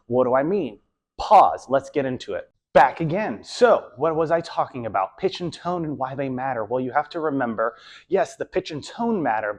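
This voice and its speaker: Rambling man giving casual advice. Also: fairly high pitch. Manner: rambling, repeats "so on and so forth". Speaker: video host. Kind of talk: casual advice talk to camera.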